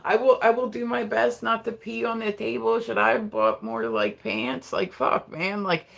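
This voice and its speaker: A young adult streamer from Delaware, talking loosely to a live chat, piling on fillers and laughing often. The voice sits at an ordinary middle pitch, with nothing unusual about its sound. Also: animated, moderate pace, gravelly, fairly bright tone. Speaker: livestreamer.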